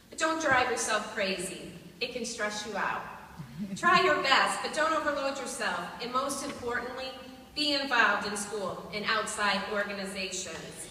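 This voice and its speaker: Woman presenter, bright and forceful, reading from notes, far off in a reverberant hall. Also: a little high, slight background noise. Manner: reads a prepared introduction. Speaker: school staff presenter. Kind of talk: formal introduction. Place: large hall.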